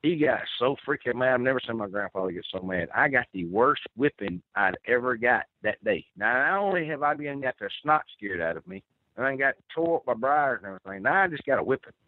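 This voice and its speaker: A man's voice: medium pitch, expressive, fairly quick. Man telling a tale by phone. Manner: rambling, earnest, with restarts. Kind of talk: first-person storytelling. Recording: tinny phone line.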